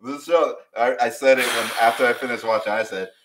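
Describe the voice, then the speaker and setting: A man co-hosting a casual TV recap show, talking in an animated way with lots of fillers and laughs. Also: medium pitch, fairly quick, background noise. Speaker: co-host.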